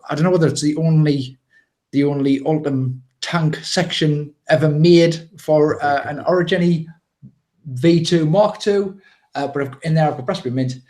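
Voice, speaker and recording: A British man co-hosting a live show, chatting casually and excitedly, rambling with fillers and laughs. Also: on the high side. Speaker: co-host.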